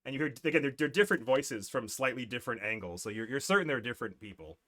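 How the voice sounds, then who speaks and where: A young man narrating as game master in a casual, halting way with fillers. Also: mid-range voice, lively intonation, fairly bright tone.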